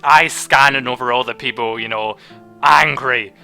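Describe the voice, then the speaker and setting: Bright-voiced man narrating a tabletop game. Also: mid-range voice, creaky, smooth. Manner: rambling, halting narration with restarts. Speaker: game master. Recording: voice chat over background music.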